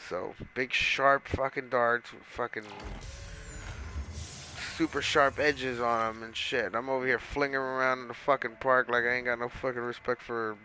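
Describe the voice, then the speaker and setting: A man's voice: medium pitch, level tone, normal speed, bright, forceful tone, a little hiss or hum, poor audio. A man casually telling a long story while playing a video game, rambling with lots of swearing and fillers. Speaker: gaming streamer.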